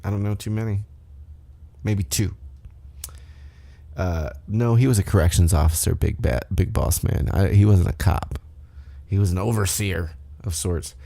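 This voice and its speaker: Recapping a wrestling show for his podcast, a man speaks a little slowly in a lowish, mellow, creaky voice, pausing often. His talk is profane and loose, full of asides and self-corrections, recorded on a desk mic at home.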